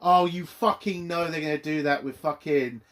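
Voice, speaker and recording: A man's voice: fairly high pitch, normal speed. Furious, swearing man ranting. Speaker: YouTube reviewer. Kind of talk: angry ranting review.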